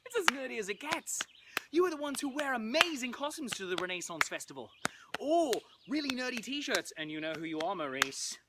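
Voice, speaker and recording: A man's voice: high voice, fast talker. A man performing as a comic Shakespeare, hosting a playful interactive show for viewers at home and breaking into nursery-rhyme singing. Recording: loud background noise.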